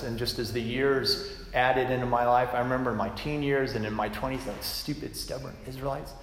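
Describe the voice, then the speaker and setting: Preaching man in an echoey hall. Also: medium pitch. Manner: conversational, self-deprecating, rambling restarts. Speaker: pastor. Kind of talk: sermon.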